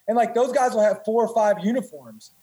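A man's voice: high-pitched, expressive, brisk, warm tone, husky, low-quality recording. A man, a former Marine and guest, telling stories casually in a rambling, profane way. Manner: rambling, profane, many restarts. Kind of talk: casual storytelling.

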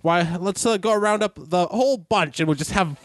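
A man's voice: high voice, moderate pace, no echo, voice pushed up, close to an everyday voice. A man voicing an elderly half-elf woman, a friendly villager, with a raised, wavering old-lady voice. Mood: welcoming.

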